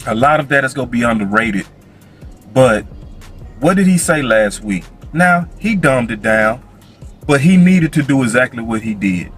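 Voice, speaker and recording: Male sports commentator, lively pitch, joking, faint music. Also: moderate pace. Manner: animated, playful, slangy. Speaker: sports commentator in a played clip. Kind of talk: video commentary.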